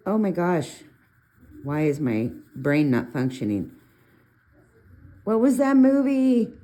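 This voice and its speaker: A middle-aged woman with a low voice chats her way through a colored pencil tutorial. She rambles into asides and jumps up in pitch when something amuses her. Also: a little mellow. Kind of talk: casual art tutorial talk.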